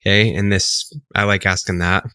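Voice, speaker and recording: A man with a lowish voice talks through a sales pitch in a loose, casual coaching way. He fills gaps with ums and rights as he explains, and the recording is close and dry with no room sound. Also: normal speed, clear, resonant tone, no room sound. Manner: relaxed, filler-heavy, explains step by step.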